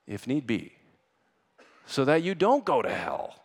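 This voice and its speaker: A man's voice: medium pitch, very animated, a little slow, gravelly, pauses often, slightly rough, in a large hall. A man preaching a sermon to his church in an earnest voice that rises to urgent emphasis. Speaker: pastor. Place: church sanctuary.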